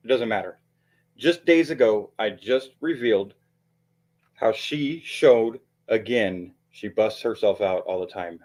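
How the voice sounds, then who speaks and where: A man with a fairly low voice rants through a livestream commentary, swearing often and circling back on himself. His delivery is heated and loose, full of fillers and restarts as he talks directly to his viewers. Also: darkish tone. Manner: profane, heated, rambling with restarts.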